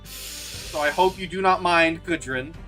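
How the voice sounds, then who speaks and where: A man's voice: on the high side, measured pace, sharp tone, soft background music, low-quality recording. A man narrating as game master of a tabletop game, rambling with many fillers.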